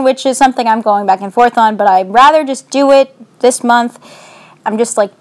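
A young adult vlogger talking into a phone in a casual, anxious, rambling way. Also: mid-range voice. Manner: anxious, rambling, self-deprecating.

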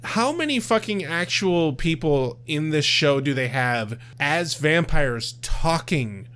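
Slow-talking, animated man. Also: on the high side, clear, resonant tone. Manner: profane, laid-back, laughing. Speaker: podcast co-host. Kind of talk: casual chat.

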